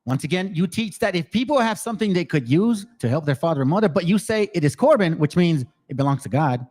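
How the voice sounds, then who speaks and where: A man giving a casual, excitable scripture study, reading verses and then explaining them in slang, often repeating words. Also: fairly high pitch, fast. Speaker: bible teacher.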